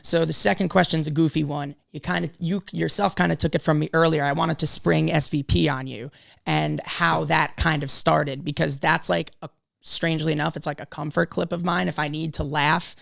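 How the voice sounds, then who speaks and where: A young man in the audience asks a friendly, rambling question. His voice is very gravelly, flat in pitch and slightly high, and the sound is dry and close. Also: normal speed, no echo. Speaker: student audience member.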